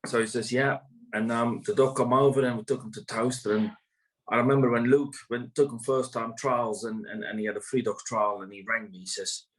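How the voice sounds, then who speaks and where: A man's voice: mid-range voice, fairly even intonation, a little fast, low-quality recording. A man, a greyhound trainer, talking casually in an interview, rambling with many fillers and restarts.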